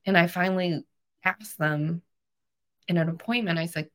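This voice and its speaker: A woman's voice: lowish voice, moderate pace. A woman in her thirties, a podcast guest, telling a personal story in an earnest, emotional way. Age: 30s. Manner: emotional, earnest, animated retelling.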